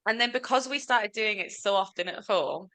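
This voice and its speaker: A woman co-hosting a podcast, telling stories in a chatty, animated way. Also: mid-range voice, moderate pace. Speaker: podcast co-host. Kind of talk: casual chat.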